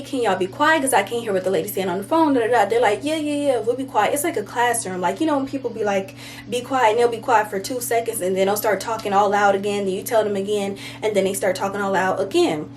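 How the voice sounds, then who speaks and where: A woman's voice: medium pitch, brisk, a little hiss or hum. A woman telling a casual storytime, rambling and slangy, full of fillers like "like" and "you know". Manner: slangy and conversational. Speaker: vlogger.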